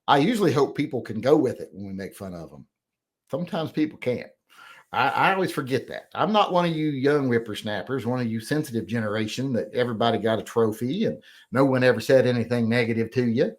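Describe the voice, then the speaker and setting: A man's voice: mid-range voice, lively intonation, quick pace. A middle-aged man hosting a casual livestream chat, rambling and profane as he reads out comments and grumbles defensively about critics. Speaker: host.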